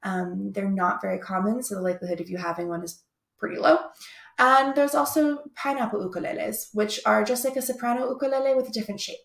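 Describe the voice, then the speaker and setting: A woman's voice: medium pitch, fast talker, creaky, roomy sound. A young woman teaching an online music lesson in an upbeat, chatty way. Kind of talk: recorded video lesson.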